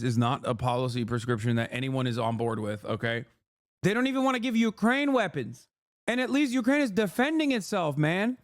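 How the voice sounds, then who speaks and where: A man's voice: on the high side, lively intonation, normal speed. A man in his thirties giving casual reaction commentary on a stream, heated and sarcastic, swearing and laughing often.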